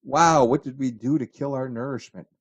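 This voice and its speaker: A man giving a rambling, chatty let's-play commentary on a game, trailing off and restarting, with sudden excited jumps in pitch. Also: moderate pace, slightly rough. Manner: excited bursts of high pitch at discoveries. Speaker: gaming channel host.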